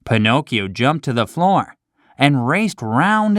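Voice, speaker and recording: A woman narrates a classic children's tale in slow, clear, scripted storytelling. Her voice sits low but moves a lot in pitch, giving an animated read. It is recorded close and dry. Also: no echo.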